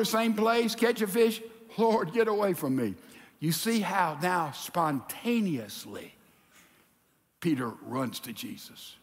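A pastor preaching a sermon in a lively, animated way, acting out the people in his story. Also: high-pitched. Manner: animated preaching, acts out quotes. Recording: reverberant hall.

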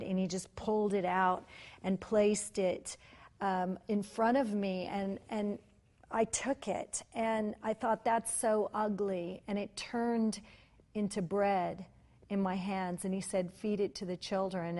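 A woman preacher telling a story and praying in a passionate, fervent way, repeating her phrases. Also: mid-range voice. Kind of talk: sermon and prayer. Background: loud music.

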